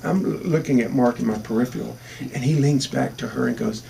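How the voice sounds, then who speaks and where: Gravelly-voiced man telling a story. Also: medium pitch, fairly quick, recorded from a distance, a little hiss or hum. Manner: animated storyteller, acts out quoted lines. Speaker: gospel singer telling a road story. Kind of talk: casual anecdote in an interview.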